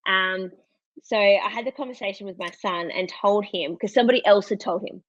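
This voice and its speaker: A woman in her thirties with an Australian accent speaks fairly quickly at medium pitch, in a muffled recording with no echo. A podcast guest telling a story in casual chat, she's candid, laughs often and quotes others in lively voices.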